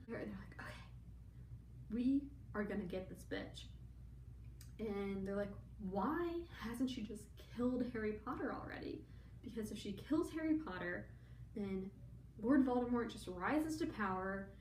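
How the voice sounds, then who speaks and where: A woman's voice: mid-range voice, darkish tone. A young woman in a tipsy, rambling comic retelling, acting out characters' lines as she goes. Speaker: drunk storyteller. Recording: echoey room from a distance, faint background noise.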